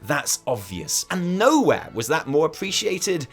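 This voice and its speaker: A man's voice: on the high side, very animated, measured pace, a bit bright, faint music behind. A man co-hosting a gaming news show, reading a scripted narration with sarcastic, wry asides. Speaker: co-host.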